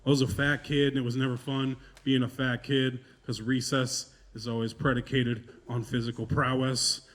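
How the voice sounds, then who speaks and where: A man's voice: mid-range voice, little pitch movement, normal speed, a bit bright. A male stand-up comedian telling stories in a loose, profane, self-mocking way, laughing through his lines.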